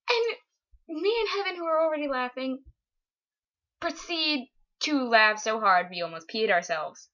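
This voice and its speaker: A young woman tells a funny story in a lively, giggly way that keeps breaking into laughter. Her voice is bright and a little high. The recording sounds dull and lo-fi, like a cheap webcam mic. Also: unhurried. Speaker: vlogger. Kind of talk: casual storytelling.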